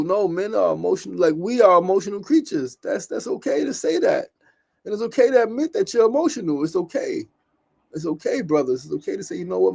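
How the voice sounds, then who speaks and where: A man's voice: a little high, mellow. A man hosting a podcast, giving an impassioned solo monologue, swearing and repeating phrases. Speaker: podcast host.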